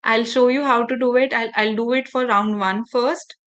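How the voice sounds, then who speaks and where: A woman's voice: fairly high pitch, steady tone, moderate pace, a bit bright, lo-fi sound. Woman trainer on a video call. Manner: engaging, asks the audience questions. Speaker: faculty development trainer. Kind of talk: online training session.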